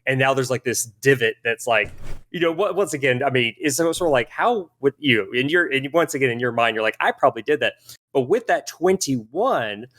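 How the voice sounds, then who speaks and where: A man's voice: mid-range voice, expressive, normal speed, a bit bright. Man rambling as game master. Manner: rambling, many restarts and fillers while describing. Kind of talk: narrating a tabletop game.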